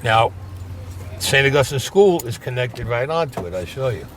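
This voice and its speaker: Older New Yorker, 70s, vivid insistent storyteller, mid-pitched voice. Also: male voice, lively intonation, normal speed, a little hiss or hum. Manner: emphatic, repeats key phrases. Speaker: interviewee. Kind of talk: recounting a memory on location.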